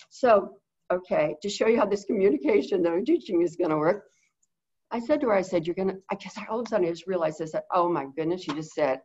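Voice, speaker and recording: A middle-aged woman teaching in a webinar, talking quickly and rambling with many fillers in a low-set voice, over a video call mic. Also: a little mellow, breathy edge, highs cut off. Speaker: guest bird behavior consultant.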